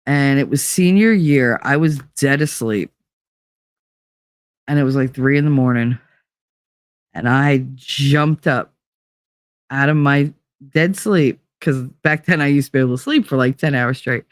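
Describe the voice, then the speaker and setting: A woman in her forties telling a casual late-night story on a stream, animated and swearing freely as she acts out quoted voices. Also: extremely low pitch, unhurried, pauses often, no echo, studio quality.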